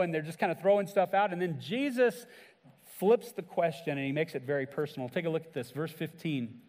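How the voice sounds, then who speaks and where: A man's voice: lively intonation, a little fast, darkish tone, long reverb tail. A man preaching a sermon as a pastor, earnest, acting out quoted lines with rises and drops in voice. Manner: earnest preaching, acts out quoted lines with shifts in pitch and volume.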